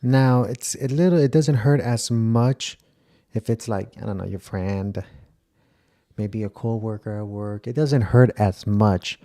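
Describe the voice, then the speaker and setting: Slow, mellow-voiced man reacting. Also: fairly low pitch. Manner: blunt, swears, talks in fits and starts. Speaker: reaction video host. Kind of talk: casual reaction commentary.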